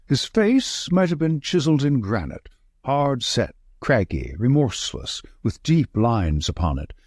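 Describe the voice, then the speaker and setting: Husky man narrating a detective audiobook. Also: medium pitch, very animated, a little slow, darkish tone, dry recording, studio quality. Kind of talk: scripted narration.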